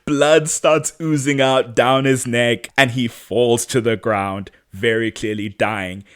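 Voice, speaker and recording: A male podcast co-host talking through a TV episode in loose, casual chat. His voice sits at an ordinary middle pitch, and he jokes and laughs freely as he goes. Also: steady tone, takes it slowly, clean tone. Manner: chatty and joking, laughs often.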